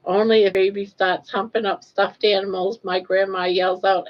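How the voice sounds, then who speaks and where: A woman's voice: mid-range voice, little pitch movement, moderate pace, hardly any pauses. An older woman hosting a casual livestream, cooing baby talk at her pet. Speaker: livestream host. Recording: dull lo-fi livestream audio.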